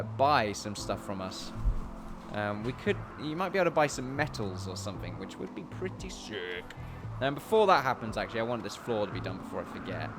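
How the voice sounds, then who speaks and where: A British man talks through his game in a relaxed, rambling way, thinking out loud and getting excited about small finds. His voice sits at an ordinary middle pitch. Game music plays clearly under his voice. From Britain. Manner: chatty, musing aloud, quick bursts of excitement and laughter. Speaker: gaming YouTuber. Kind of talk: casual gameplay commentary.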